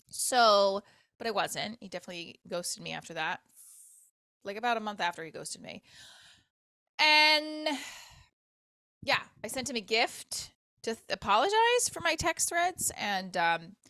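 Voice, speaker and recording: A woman comedian hosting her own podcast, talking candidly and rambling about dating and self-worth, with self-mocking jokes and loud comic rants. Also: mid-range voice, no room sound. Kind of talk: candid personal podcast monologue.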